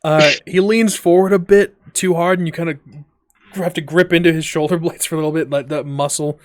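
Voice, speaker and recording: A man's voice: on the high side, steady tone, fairly quick, no room sound, studio quality. Casual man running a tabletop game. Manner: loose, filler-heavy narration with frequent ums. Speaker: game master.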